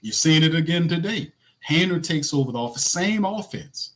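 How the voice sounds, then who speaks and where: A man's voice: on the high side, animated, moderate pace. A man hosting a sports podcast in casual talk, who argues his points emphatically and repeats them for stress. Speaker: podcast host.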